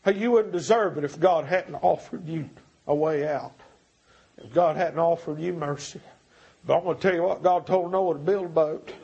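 A male preacher delivering a revival sermon, swinging from shouts to hushed pleading. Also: fairly high pitch, normal speed, creaky, slightly rough, lo-fi sound. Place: church.

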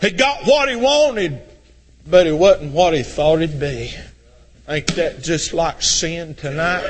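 A man preaching a fiery sermon, swinging between shouted passages and low, intense tones. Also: slow pace.

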